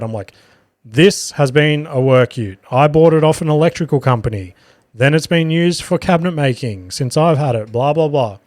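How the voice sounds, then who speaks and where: This Australian-accented man has a medium-pitched, darkish voice, recorded clean in a podcast studio with no room sound. As host, he tells a casual anecdote, swearing as he quotes people.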